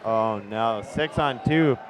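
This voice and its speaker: Excitable sports commentator, man. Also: mid-range voice, takes it slowly, crowd noise, noisy background. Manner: jokey, excitable play-by-play.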